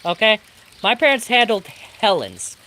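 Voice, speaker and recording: A storm streamer from the US Pacific Northwest rants with heavy profanity during a live stream from home as a thunderstorm rages, with rain audible outside. His mid-range voice swings hugely in pitch, runs a little slow, and has a sharp tone, with a little hiss or hum on the recording.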